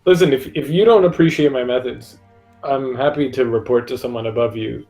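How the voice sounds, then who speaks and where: A man's voice: mid-range voice, fairly quick, a little mellow, faint music behind, poor audio. A man playing a tabletop game in character, stammering and restarting his sentences. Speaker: player. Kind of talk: in-character tabletop role-play.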